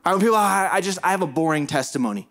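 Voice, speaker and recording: A man's voice: high-pitched, animated, racing, fairly bright tone. A middle-aged male pastor preaching a sermon in an earnest, emphatic way, repeating phrases for stress.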